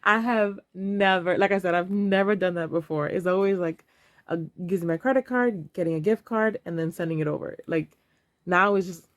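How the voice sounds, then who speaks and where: A woman's voice: lowish voice, moderate pace, dry recording. A woman in her thirties, talking casually and emotionally to camera while counting cash aloud. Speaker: vlogger.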